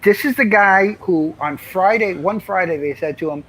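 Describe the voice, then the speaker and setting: A man's voice: high voice, normal speed, a bit bright, husky, poor audio. An older man, a comics writer, telling anecdotes in casual interview chat, rambling with many fillers and restarts.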